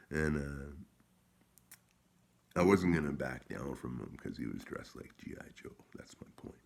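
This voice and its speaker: A man's voice: very deep voice, expressive, moderate pace. A man telling a rambling, profane story in a casual vlog, with many restarts. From Canada. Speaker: vlogger.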